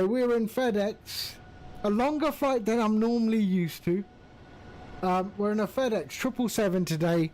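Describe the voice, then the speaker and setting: A man's voice: high voice, darkish tone, poor audio. A man chatting casually on a live stream, greeting viewers by name while he flies. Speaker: flight-sim streamer.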